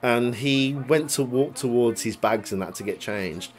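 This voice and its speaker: A man's voice: medium pitch, unhurried. Young man telling a story. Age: young adult. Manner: swears a lot, recounts a grudge; laughs while telling the story. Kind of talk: casual chat.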